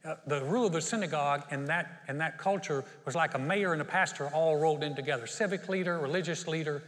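A man's voice: fairly high pitch, quick pace, a bit bright, long reverb tail. A man preaching a sermon as pastor, telling a Bible story and acting out its people. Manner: storytelling, acts out the Bible characters.

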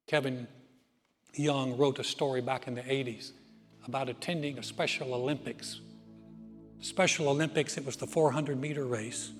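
A male pastor preaching a sermon in a church auditorium, telling stories earnestly and dropping to soft, quiet phrases. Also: mid-range voice, steady tone, slightly rough. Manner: earnest storytelling with dramatic pauses, softening to near-whisper. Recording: reverberant hall with music behind.

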